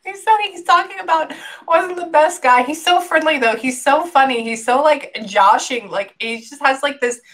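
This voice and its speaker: A woman's voice: high-pitched, moderate pace, a bit bright. A woman working as a psychic medium in a reading session, often stopping to listen and then passing on what she hears. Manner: breaks off often to listen, then relays quotes. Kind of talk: reading session, relaying messages.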